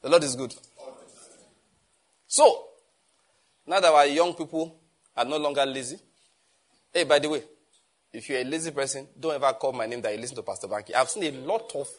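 A man preaching a sermon as pastor, animated and emphatic, often firing rhetorical questions. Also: a little high, normal speed, pauses often.

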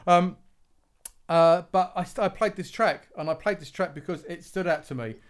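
A man's voice: high voice, moderate pace, clear, resonant tone. A man hosting a radio music review panel, talking casually in a playful, teasing way and laughing often. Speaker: radio host reviewing new tracks.

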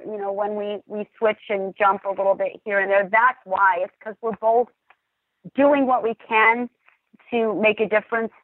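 A woman's voice: mid-range voice, no echo. A woman hosting a podcast in a casual, chatty, off-the-cuff way. She speaks with a mid-range voice. Her voice comes through a tinny, phone-like line with no room sound. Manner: off-the-cuff, chatty, laughs easily. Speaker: podcast host.

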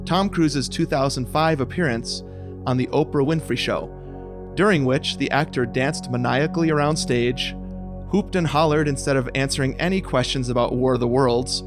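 A male podcast host who tells stories in a loose, rambling way and laughs often between his lines. He speaks at a middle pitch with faint music under him. He comes across as easygoing and chatty. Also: moderate pace. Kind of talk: scripted intro narration, then casual chat.

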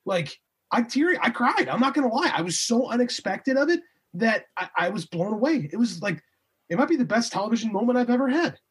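A man co-hosting a podcast in casual chat, telling stories in an excitable, emotional way with a very husky voice. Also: very high voice, fairly quick. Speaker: podcast co-host.

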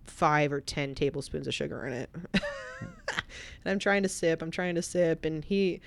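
A woman telling an emotional personal story as a podcast guest, swinging from animated bursts to hushed, reflective passages. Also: low voice, normal speed, vocal fry.

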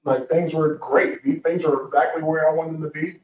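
A man's voice: fairly high pitch, steady tone, moderate pace. A young man telling a personal story in an earnest, reflective way, with many fillers and restarts. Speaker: guest telling his story. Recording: roomy, distant, dull sound with faint noise.

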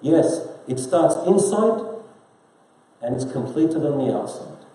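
A man's voice: fairly high pitch, lively intonation, slow, warm tone. Male preacher in an echoey room. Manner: conversational preaching with rhetorical questions to the congregation; quotes scripture in Arabic then explains it in English. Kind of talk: sermon.

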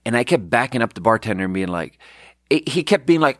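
A man's voice: on the low side, animated, fast, a bit bright, no room sound, studio quality. Rambling, profane man telling a story. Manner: rambling, profane, with restarts and quoted dialogue. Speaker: podcast host, restaurant manager. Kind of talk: casual storytelling chat.

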